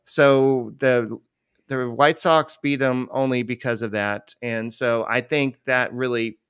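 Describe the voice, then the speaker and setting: A man co-hosting a baseball podcast, talking casually and rambling with many pauses. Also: medium pitch, steady tone, fairly bright tone, smooth, no echo, studio quality. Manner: rambling, many fillers and restarts. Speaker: podcast co-host. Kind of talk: casual sports chat.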